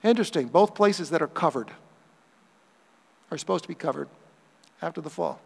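Male pastor, high voice, lively sermon delivery with playful acted-out asides, long hall reverb. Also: moderate pace, gravelly, slightly rough. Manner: animated preaching, acts out quoted voices for humor.

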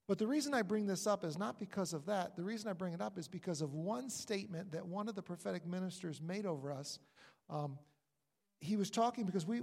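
A middle-aged male pastor from New York preaches a sermon with a gravelly, fairly high voice. He tells his story with emphatic repetitions. The sound carries the long reverb of a large hall. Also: darkish tone.

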